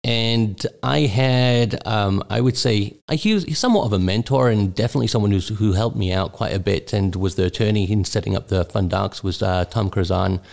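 A man's voice: fairly low pitch, normal speed, creaky, hardly any pauses, darkish tone. A middle-aged man from England, a guest investor answering interview questions in a rambling way with many fillers. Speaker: guest venture capital partner.

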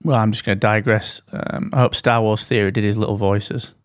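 A man's voice: on the low side, level tone, brisk, no room sound, studio quality. Sweary man in casual podcast chat. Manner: jokey, sweary banter. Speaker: podcast co-host. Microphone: studio dynamic mic.

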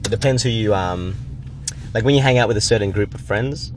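Young male co-host, lowish voice, relaxed slangy chat, faint hiss of a parked car around him. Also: brisk. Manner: laid-back, loose slang and swearing. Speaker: podcast co-host. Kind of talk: casual chat.

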